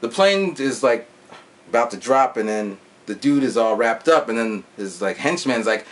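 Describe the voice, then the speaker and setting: A man's voice: mid-range voice, animated, moderate pace. A man in his forties telling a movie story casually, with sound effects and some swearing. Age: 40s. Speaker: vlogger reviewing a movie. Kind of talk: casual chat.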